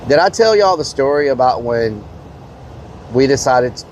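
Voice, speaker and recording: A man's voice: mid-range voice, expressive, normal speed, darkish tone. Man, streamer, rambling casual storytelling, loose fillers, mild swearing, faint background hum. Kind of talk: casual storytelling to live chat.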